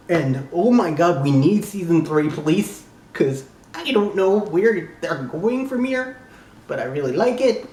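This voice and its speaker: A young man from the southern United States talking casually as a YouTube reviewer, gushing and exclaiming like an excited fan who swears freely. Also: fairly high pitch, unhurried. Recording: echoey room.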